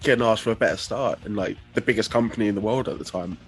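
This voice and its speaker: A man's voice: lowish voice, quick pace, faint music behind. A man from Britain hosting a casual podcast interview, asking questions and reacting with enthusiasm. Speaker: podcast host.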